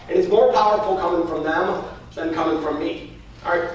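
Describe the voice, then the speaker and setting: The clip features a rapid-speaking man leading a sales training, performing a mock pitch to clients and tossing in "all right?" again and again. It sounds distant and highly reverberant, with faint noise underneath.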